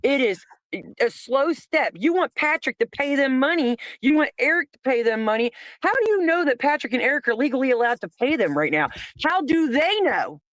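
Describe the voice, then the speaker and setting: A woman's voice: high-pitched, big pitch swings, fairly quick, fairly bright tone, no echo. A woman in casual livestream chat, talking emphatically and bluntly and swearing freely.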